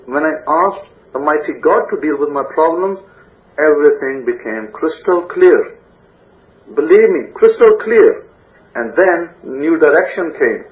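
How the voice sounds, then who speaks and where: A man preaching a sermon with passion, acting out people's laments in a higher voice. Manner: impassioned, acts out the sufferer's laments in a higher voice. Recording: echoey, tinny phone-like sound.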